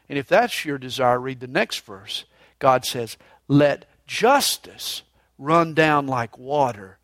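Man preaching, high voice, slow and deliberate, dry close mic. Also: no echo. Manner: animated, emphatic preaching. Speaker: pastor. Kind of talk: sermon with humorous anecdote.

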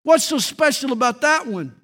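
A man's voice: extremely high pitch, animated, moderate pace, bright, forceful tone, voice pushed up, full character voice. A man voicing a little young male angel who is scornful and puzzled, with a raised, incredulous delivery. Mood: disdainful.

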